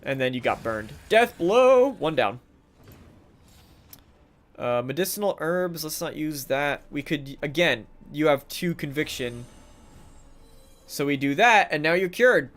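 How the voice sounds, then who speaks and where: A man's voice: fairly high pitch, animated, unhurried, long pauses, fairly bright tone. A man streaming a video game live, commenting casually and talking sarcastically to the characters on screen.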